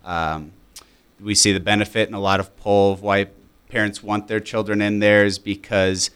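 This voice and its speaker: Low, smooth-voiced male teacher guest. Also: level tone, moderate pace, a bit bright. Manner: explanatory, many fillers and restarts. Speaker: school language coordinator. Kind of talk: radio interview guest.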